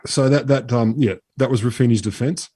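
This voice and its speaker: A man's voice: mid-range voice, a little fast, dark tone, slightly rough, no room sound, studio quality. A man co-hosting a podcast, telling a story in a chatty, swearing, casual way. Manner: chatty, swears freely, drops into mock voices. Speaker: podcast co-host.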